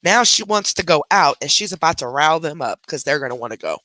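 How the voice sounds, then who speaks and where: A woman in her thirties with a twang, hosting a casual livestream from her home. She talks in a chatty, blunt way, turning now and then to her pets and to the comments. Her voice is bright and forward, recorded close and dry with almost no room sound. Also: low voice, quick pace, few pauses, no echo. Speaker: livestream reaction host.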